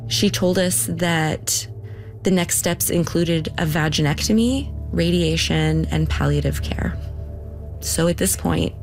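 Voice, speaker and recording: A woman's voice: fairly low pitch, takes it slowly, soft background music. A woman recalling events in an interview, earnest, often quoting what she and others said. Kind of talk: personal recollection in interview.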